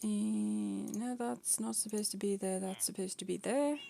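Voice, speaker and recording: A woman's voice: medium pitch, steady tone, measured pace, vocal fry, dark tone, a little hiss or hum. A young woman streaming a game, chatting casually and playfully, often laughing and scolding her pet cats. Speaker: vtuber streamer.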